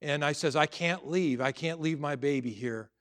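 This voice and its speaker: A middle-aged man preaches from the pulpit in a somewhat high voice. He tells his stories earnestly, stumbling and restarting as he goes. Then he presses his points home with emphatic conviction. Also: moderate pace, fairly bright tone. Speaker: pastor. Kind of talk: sermon.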